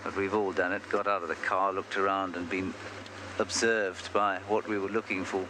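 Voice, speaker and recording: A man's voice: low-pitched, level tone, normal speed, noisy background. A man hosting a live safari broadcast outdoors, chatting and telling stories with a self-deprecating humor. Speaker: safari guide and live show host. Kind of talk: live safari commentary, casual chat. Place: outdoors in the bush, on a game drive.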